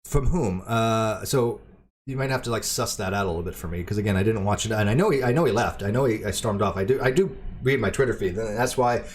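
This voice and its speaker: A man hosting a casual livestream, talking in a rambling, halting way with lots of ums and repeated words. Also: fairly low pitch. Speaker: channel host; debate show moderator.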